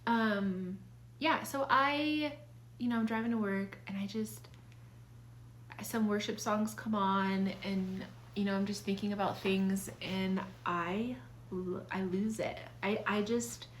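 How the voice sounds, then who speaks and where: A woman's voice: mid-range voice, fairly even intonation, moderate pace, a bit bright. Earnest young woman sharing her story. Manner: earnest and confiding, many fillers and restarts. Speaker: vlogger sharing life advice. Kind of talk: casual personal talk.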